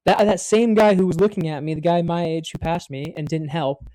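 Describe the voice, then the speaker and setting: A fairly high, mellow male voice with fairly even intonation moves along at a quick clip in a dry recording. He's an American vlogger in his twenties rambling through a casual story on camera, filling it with "like" and free-flowing profanity.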